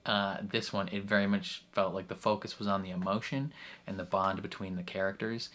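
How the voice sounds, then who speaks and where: A man's voice: sits low, steady tone, brisk, a bit bright. A man hosting a reaction video, talking casually with lots of fillers and frequent laughter. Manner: chatty, full of fillers, laughs often.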